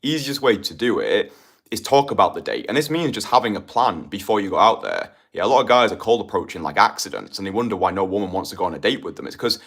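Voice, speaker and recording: A man's voice: lowish voice, animated, fast, gravelly, a bit bright, husky. A man with a British accent, a dating coach giving an emphatic motivational talk on a stream and often checking in with "right?".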